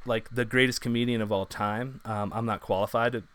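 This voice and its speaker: A man's voice: medium pitch, fairly even intonation, a little fast, a bit bright, clean tone, dry recording. A man co-hosting a casual chat, telling rambling anecdotes full of fillers.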